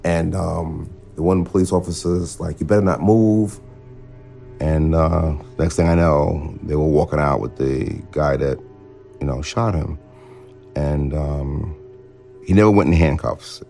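A man with an extremely low voice recalls a shooting he saw as an interview subject. His voice is gravelly and dark, and he halts often with fillers. Faint music plays under him. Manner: halting, filler-heavy, acts out remembered dialogue. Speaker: eyewitness interviewee. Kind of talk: recounting a shooting in a documentary interview.

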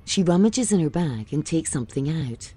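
Low-voiced woman narrating audio description. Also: moderate pace, a little hiss or hum. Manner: steady, clear, scene-setting.

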